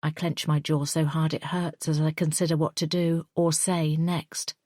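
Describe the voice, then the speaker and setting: Low-voiced woman narrating a thriller. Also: little pitch movement, warm tone, no room sound, studio quality. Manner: tense, measured first-person storytelling. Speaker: audiobook narrator. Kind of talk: scripted audiobook narration.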